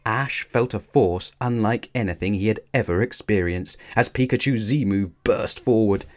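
With a fairly low voice, a man brings a children's adventure book to life, reading it aloud in an expressive yet controlled style.

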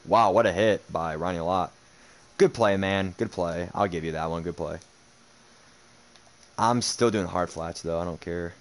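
Low-voiced young guy streaming a football game, grumbling and cursing at his opponent. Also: a little slow, pauses often. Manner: frustrated, swearing, sarcastic muttering. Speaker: gaming streamer. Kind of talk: live game commentary.

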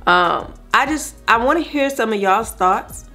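A woman's voice: on the high side, animated, unhurried, pushed and bright, soft background music. A woman vlogger chatting casually with her viewers while doing her makeup at home, talking in a rambling, direct way. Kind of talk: casual get-ready-with-me chat.

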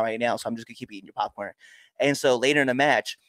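Young male wrestler guest, lively storyteller, dry close mic. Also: rapid-fire, no room sound. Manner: animated storyteller, acts out crowd exchanges with big pitch jumps. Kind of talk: casual storytelling interview.

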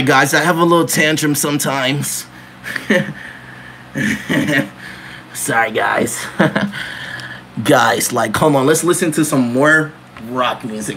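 A man's voice: a little high, fairly bright tone, slight background noise. A young man livestreaming in a joking emo persona, full of mock-teen slang and frequent laughter.

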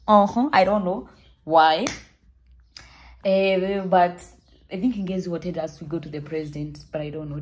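A woman's voice: mid-range voice, a little mellow. A young woman from Kenya with a Kenyan accent, telling a travel story to camera in a playful, joking, dramatic way. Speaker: travel vlogger.

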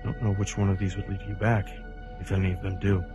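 Brief: a man reading as a low, quiet, weary stranger in a spoken horror story, terse and flat. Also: quick pace, highs cut off, music in the background, close to an everyday voice.

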